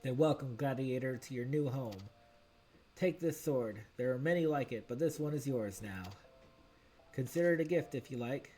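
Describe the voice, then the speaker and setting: A man's voice: medium pitch, moderate pace, mellow, faint music behind, lightly acted, low-quality recording. A man voicing a stern female sword guildmaster in a video game, speaking formally.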